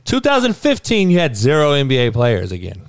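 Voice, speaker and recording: A man's voice: medium pitch, huge pitch swings, a little fast, smooth, no echo, studio quality. Heated, profane man ranting. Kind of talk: profane sports rant.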